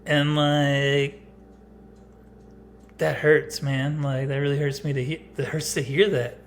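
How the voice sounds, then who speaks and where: A man's voice: fairly high pitch, little pitch movement, slow pace, slight background noise. A man in his thirties talking straight to the camera in a casual personal vlog, rambling and blunt, with lots of filler words. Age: 30s. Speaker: vlogger.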